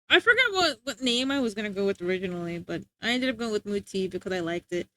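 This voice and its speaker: A young woman streaming live, chatting casually with viewers, giggly, excitable and rambling. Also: medium pitch, fast talker, dry recording.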